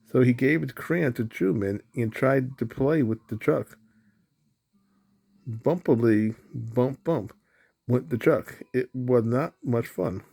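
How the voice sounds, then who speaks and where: Children's book narrator, man, gravelly and mellow, steady read-aloud. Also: mid-range voice. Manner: slow, even storytelling. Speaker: storybook reader.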